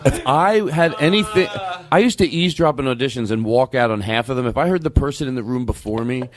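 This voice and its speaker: A man's voice: medium pitch, fast, crowd noise. A man hosting a talk show, joking about himself and overthinking small things. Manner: animated, self-mocking, overthinking. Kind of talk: casual talk show banter.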